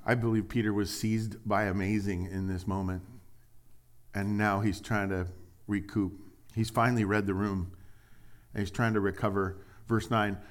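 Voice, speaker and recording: A man preaching a sermon as pastor, animated and jokey, acting out little dialogues in put-on voices. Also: lowish voice, normal speed.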